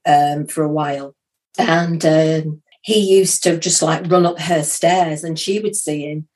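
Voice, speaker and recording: A woman guest with a slightly low voice tells a story in a chatty way. She acts out the lines of the people in it with lively energy. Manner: chatty and animated, acting out quoted speech. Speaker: podcast guest, psychic medium. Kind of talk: casual storytelling.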